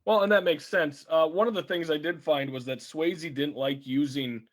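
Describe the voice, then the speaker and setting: A man's voice: a little high, steady tone, moderate pace. Casual man recapping a movie. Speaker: podcast co-host. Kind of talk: casual chat.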